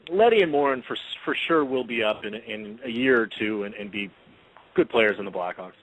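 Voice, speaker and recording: A man's voice: lowish voice, lively intonation, a little fast, a bit bright, low-quality recording. A man co-hosting an online radio talk show, chatting with lots of fillers and hesitations. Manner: hesitant, many fillers, trailing off. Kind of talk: casual chat.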